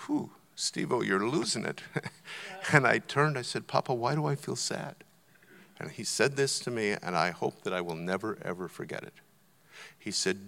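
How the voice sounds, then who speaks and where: A man preaching a sermon, telling stories and building to loud, emphatic points. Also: lowish voice, gravelly. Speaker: visiting preacher. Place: church auditorium. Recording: long church hall reverb.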